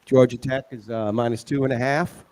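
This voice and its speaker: On a casual college football picks show, a man co-hosts and reads out picks in an easygoing way, chuckling and sometimes losing his place in the betting chat. His mid-range voice is a little mellow, with fairly even intonation at normal speed.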